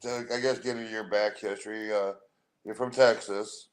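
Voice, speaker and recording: A man's voice: lowish voice, fairly even intonation, moderate pace. A man hosting a podcast, asking his guests questions in an easygoing, folksy way. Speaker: podcast host. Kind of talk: casual podcast interview.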